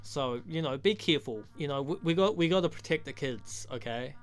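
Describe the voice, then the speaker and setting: A man's voice: on the high side, animated, brisk, faint music behind. A young man giving a rambling, profane, joking recap of a movie as a reviewer. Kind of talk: crude comedic movie recap.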